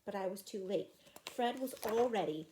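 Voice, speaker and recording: A woman reading a children's chapter book aloud in an expressive, animated way. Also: mid-range voice, moderate pace, a little hiss or hum. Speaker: reader.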